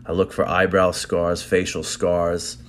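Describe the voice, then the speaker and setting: A man's voice: low voice, unhurried, a little hiss or hum. A man who competes in jiu-jitsu, telling match stories and giving blunt, profane advice in a casual way. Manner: blunt and profane, animated storytelling.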